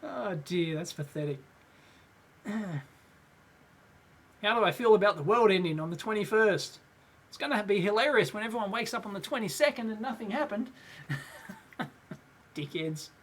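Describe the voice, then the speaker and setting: A man's voice: high-pitched, lively intonation, normal speed, pauses often, a bit bright. A middle-aged Australian man hosting a casual live question-and-answer show, rambling with many fillers and frequent chuckles. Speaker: host.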